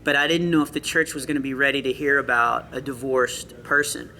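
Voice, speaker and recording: A middle-aged male comedian chatting in an interview, telling earnest stories with quick asides. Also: medium pitch, fairly even intonation, bright, forceful tone, a little hiss or hum. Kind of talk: casual interview chat. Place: comedy club after a show.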